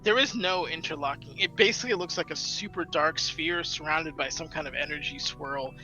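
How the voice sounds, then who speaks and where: A man with a very bright, high-set voice runs a tabletop game as dungeon master. He stammers through his rulings with many fillers and laughs often. Soft music plays behind him. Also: fairly quick.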